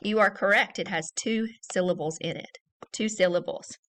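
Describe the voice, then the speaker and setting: A woman teacher giving a recorded early-grade reading lesson, saying each word slowly and clearly and repeating it for young children. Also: mid-range voice, a bit bright.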